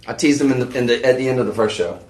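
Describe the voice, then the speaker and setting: Male home-shopping host, rambling live pitch, mid-pitched voice, roomy studio. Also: racing, a little mellow, a little hiss or hum. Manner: rambling, chatty, lots of fillers and restarts. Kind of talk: live on-air sales pitch.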